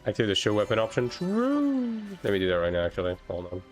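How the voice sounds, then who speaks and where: A man's voice: sits low, very fast, faint music behind. A man from France with a light French accent, chatting casually on a game stream, answering chat and swearing offhand while he plays.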